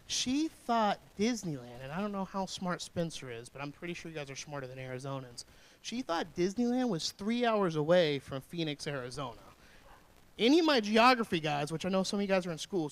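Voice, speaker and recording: A man's voice: on the high side, low-quality recording. A young man from Indiana doing rambling, crude, self-deprecating stand-up comedy.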